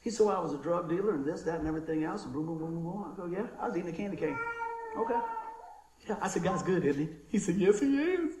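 A man preaching, telling a folksy story with lively energy and frequent laughter. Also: on the high side, racing, echoey room, very noisy. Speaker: pastor. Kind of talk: sermon storytelling.

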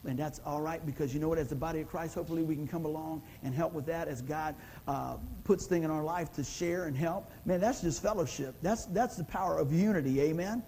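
A man's voice: fairly high pitch, warm tone, a little hiss or hum, rough recording. A man preaching a sermon in a folksy, conversational way, often asking the congregation for an amen. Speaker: pastor.

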